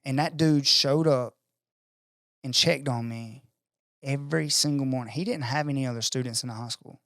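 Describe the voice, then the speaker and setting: A man spins a long personal story in relaxed podcast talk. He acts out the people in it and curses freely. His mid-pitched voice sounds close and dry, with no room echo. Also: moderate pace. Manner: animated storyteller acting out quoted voices, profane. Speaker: podcast guest. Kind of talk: casual storytelling conversation.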